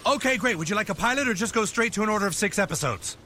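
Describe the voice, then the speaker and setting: An actor playing a brisk, businesslike male studio executive in a comedy clip. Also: sits high, lively intonation, pushed and bright, slight background noise. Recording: clip played over music.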